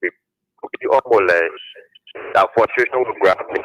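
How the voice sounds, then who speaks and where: A man calling a radio show, halting and repetitive as he complains in frustration. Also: fairly low pitch, fairly bright tone, dry recording, low-quality recording. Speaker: caller.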